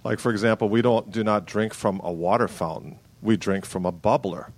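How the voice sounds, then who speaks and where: A man's voice: fairly low pitch, fairly even intonation, moderate pace, no room sound. A middle-aged man from Milwaukee, a band member guest telling understated stories in casual chat. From Milwaukee, Wisconsin.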